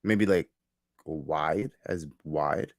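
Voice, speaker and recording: A man hosting a live manga reaction, casually thinking aloud, restarting his sentences and reading panels out loud. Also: rumbling low, drawn-out words, no echo, studio quality. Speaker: reaction video host.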